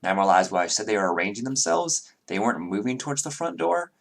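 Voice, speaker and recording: A man's voice: fairly low pitch, lively intonation, fast talker, creaky. A man narrating as game master, rambling with many fillers and self-corrections.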